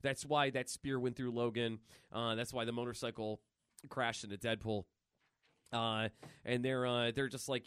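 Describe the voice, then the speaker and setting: A man hosting a comic book podcast, animated and playful as he retells a story with sound effects. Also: medium pitch, moderate pace, clear, resonant tone, no echo. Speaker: podcast host.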